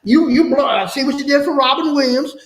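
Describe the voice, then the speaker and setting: A man's voice: very high-pitched, fairly quick. Man telling profane stories, echoey room. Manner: animated profane storytelling with laughs. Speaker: guest comedian. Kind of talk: casual chat.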